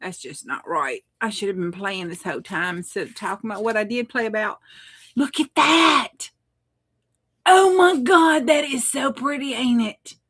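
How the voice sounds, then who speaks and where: A middle-aged woman hosts a craft livestream, chatting casually with her viewers, laughing often and responding to the chat. Her voice is a little high and somewhat bright.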